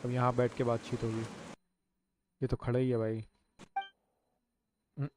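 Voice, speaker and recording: A gaming streamer making quick, joking asides while playing a story game. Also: medium pitch, flat delivery, noisy background. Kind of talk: casual gameplay commentary.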